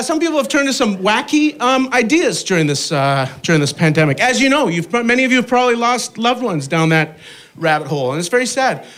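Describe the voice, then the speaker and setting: A man's voice: sits high, fairly bright tone. A man doing a stand-up bit in a chatty, hesitant way, full of "uh" and "like". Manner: chatty, hesitant, many fillers. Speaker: stand-up comedian. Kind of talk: stand-up comedy set.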